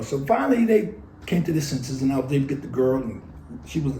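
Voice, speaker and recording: A man's voice: mid-range voice, sing-song, quick pace, mellow, roomy sound, a little hiss or hum, low-quality recording. A man, telling his life story bluntly and profanely in an oral history interview. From New York City.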